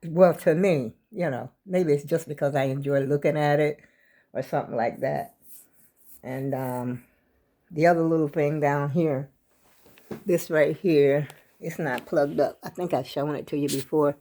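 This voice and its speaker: A woman's voice: low voice, fairly even intonation, a little slow, dark tone. An older woman chatting casually and rambling to her viewers as a vlogger, her throat scratchy and catching on coughs. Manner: rambling, folksy, talks straight to viewers.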